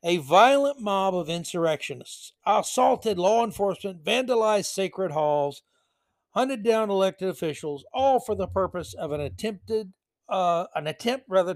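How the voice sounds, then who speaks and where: Sarcastic male podcast host, high voice. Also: no room sound. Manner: sarcastic, mocking asides; reads article passages aloud. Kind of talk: political commentary podcast.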